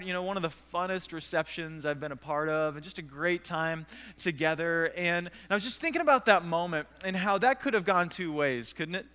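A pastor telling a self-deprecating story in an animated way during a sermon. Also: male voice, high voice, smooth, big-room sound. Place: church sanctuary.

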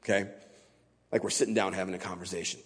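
A man with a slightly husky, breathy voice preaches informally to a church congregation, loose and conversational rather than polished. His voice carries a long reverb that rings through the large sanctuary. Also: deep voice, fairly even intonation, quick pace. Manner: casual, conversational, plain-spoken. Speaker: guest speaker at a church. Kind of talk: informal sermon.

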